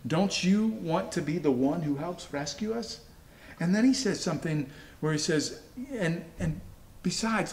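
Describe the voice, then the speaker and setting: A man's voice: fairly high pitch, normal speed, darkish tone, reverberant. A man retelling a Bible story for kids in a casual, conversational way, lightly voicing each character in his own voice. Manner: conversational, acts out characters' lines in everyday voice.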